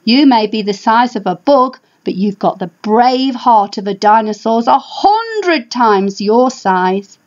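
Brief: woman reading a proud daddy dinosaur, plain read, storybook, lively pitch, dull lo-fi sound. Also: slow, hardly any pauses. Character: gruff but loving father dinosaur. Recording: dull lo-fi recording.

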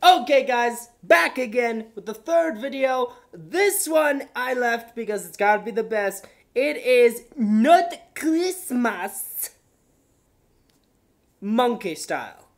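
A woman's voice: a little high, expressive, slow pace. A woman hosting a reaction video, exclaiming, swearing and laughing in disbelief. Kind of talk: casual reaction commentary.

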